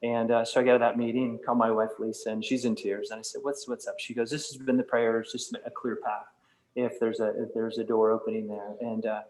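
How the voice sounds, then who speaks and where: A middle-aged man speaks to a church fellowship group in a relaxed, unscripted way. His voice sits at an ordinary mid pitch, and he often stops to restart his sentences with "um" and "uh". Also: brisk, low-quality recording. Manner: conversational, many fillers and restarts. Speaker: guest speaker from a nonprofit campus.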